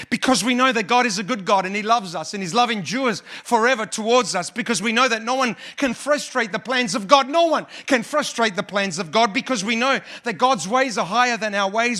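A man's voice: high voice, bright, forceful tone. A male pastor preaching a sermon, emphatic and repetitive, building up his points. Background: instrumental music.

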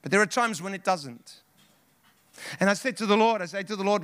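Fervent high-voiced male preacher. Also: a little fast, pauses often, fairly bright tone, no room sound. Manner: impassioned preaching with repetitions and call-outs. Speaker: pastor. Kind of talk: sermon.

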